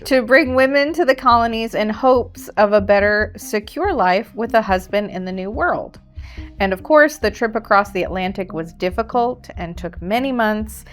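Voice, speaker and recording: A woman reading a history piece aloud for a paranormal podcast. She keeps a steady storyteller pace and stays playful between passages. Faint music runs underneath. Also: medium pitch, normal speed. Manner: steady storyteller, playful, laughs at own slips. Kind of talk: reading a scripted history segment.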